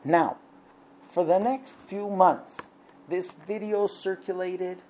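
A man in his thirties telling a religious story in a casual, lively way, acting out the voices of the people in it. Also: sits high, takes it slowly, slight background noise. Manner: lively, acts out quoted voices. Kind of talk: storytelling talk.

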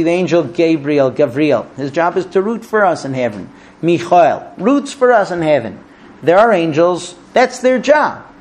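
A man giving a Talmud class, telling stories with vivid, animated intonation and conversational fillers. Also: fairly high pitch. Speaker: Torah teacher.

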